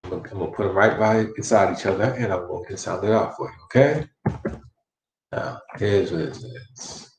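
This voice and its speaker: A man's voice: deep voice, moderate pace, roomy sound, a little hiss or hum. A man teaching a casual Spanish lesson, repeating phrases and modeling question inflection with encouragement. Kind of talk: casual online language lesson.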